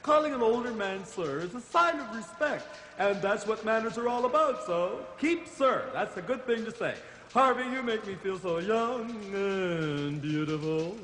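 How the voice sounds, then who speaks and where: A man's voice: sits high, lively intonation, normal speed, hardly any pauses, a bit bright, echoey room, long reverb tail. A man playing a vain, flirty woman who gives advice, in a brash, giggly sketch-comedy manner. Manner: brash and giggly, with cackling laughs.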